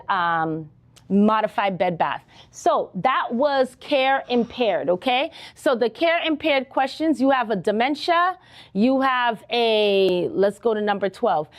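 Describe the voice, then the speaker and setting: A woman nursing instructor teaching a live online exam-prep lesson, talking straight to her students and often checking in with "okay?". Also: on the high side. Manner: animated, talks to students directly, frequent "okay?" checks.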